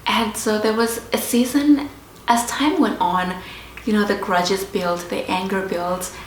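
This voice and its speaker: A woman host sharing a personal story in a slow, reflective, confessional way. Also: medium pitch. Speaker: podcast host. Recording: roomy echo with faint background hiss.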